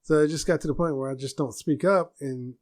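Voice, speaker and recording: Soft-spoken man, slightly high voice. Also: steady tone, fairly quick. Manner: soft-spoken, rambling with restarts. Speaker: podcast host. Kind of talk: casual solo chat.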